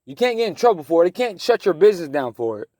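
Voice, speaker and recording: A man's voice: high voice, very animated, quick pace, darkish tone, no echo. A man in his thirties giving a heated, rambling personal monologue as a talk show host, with many restarts. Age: 30s. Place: living in his car in the woods.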